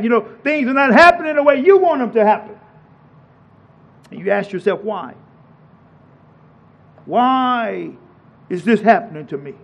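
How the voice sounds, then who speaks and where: High-voiced, slow-preaching man. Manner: reads scripture slowly, then preaches with rising emphasis and repetition. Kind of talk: sermon.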